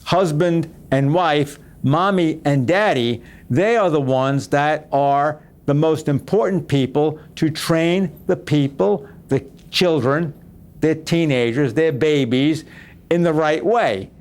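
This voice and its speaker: A man's voice: fairly high pitch, takes it slowly, a little mellow. A man hosting a talk show, speaking to viewers in an earnest, exhorting way and repeating phrases for emphasis. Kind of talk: preaching talk show host.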